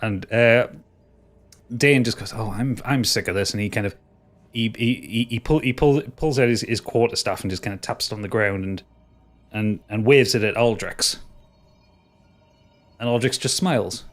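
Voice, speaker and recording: A man narrating a tabletop game as game master, casual and halting, with frequent restarts. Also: fairly low pitch.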